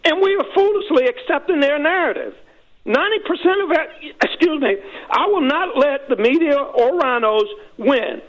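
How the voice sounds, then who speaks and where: A man calling in to a radio show, talking fast and fired up, restarting phrases as he pushes his point. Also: very high voice, expressive, fairly bright tone. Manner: rushed, fired-up, repetitive restarts. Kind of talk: phoned-in call to talk radio. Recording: dull lo-fi phone line.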